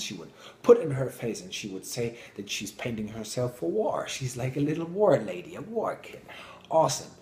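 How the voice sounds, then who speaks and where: A man telling stories to an audience in an enthusiastic, animated way. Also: medium pitch, reverberant. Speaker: public speaker. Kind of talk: storytelling talk to an audience.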